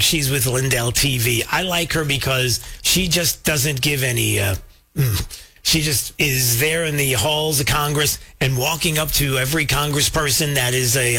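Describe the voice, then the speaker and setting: Man, commentary host, casual and chatty, bright husky tone. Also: mid-range voice, moderate pace. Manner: casual, lots of uh fillers, talks to viewers. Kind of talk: political commentary.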